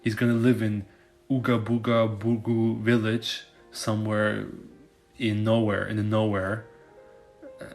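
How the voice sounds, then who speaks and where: A man with a low voice talks in a loose, rambling way, with lots of fillers and casual swearing. Soft music plays behind him. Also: level tone, measured pace, vocal fry. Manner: loose, profane, filler-heavy storytelling. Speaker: finance content creator.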